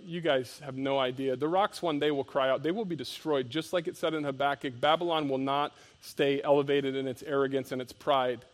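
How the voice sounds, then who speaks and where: Male pastor preaching, slightly high voice, reads scripture then explains it with strong emphasis and quiet drops. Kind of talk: sermon.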